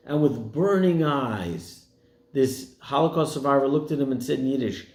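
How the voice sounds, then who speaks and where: The echoing room carries the expressive, darkish voice of a U.S. rabbi speaking at normal speed. During his sermon he narrates stories and performs their characters, pitching up for their quoted lines.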